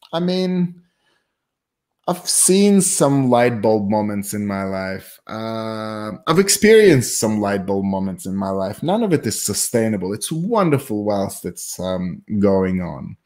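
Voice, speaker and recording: A man's voice: lowish voice, lively intonation, slow, a little mellow. A man speaking as a psychologist guest, explaining ideas in a thoughtful way that often stops and restarts. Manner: thoughtful, self-interrupting, laughs at his own jokes. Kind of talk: explanatory conversational talk.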